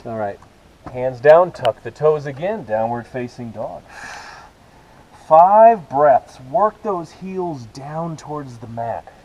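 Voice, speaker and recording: Mellow-voiced man cueing a yoga class. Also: a little high, slow, highs cut off. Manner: relaxed, encouraging cueing with self-aware asides. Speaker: yoga instructor. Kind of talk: guided yoga class cues. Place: outdoors with rain and hummingbirds about.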